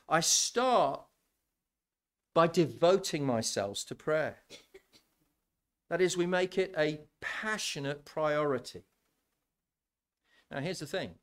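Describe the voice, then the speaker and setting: Male preacher, slightly high voice, very lively delivery; sermon in church, chatty and emphatic. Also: moderate pace. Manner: animated, conversational, repeats words when building a point.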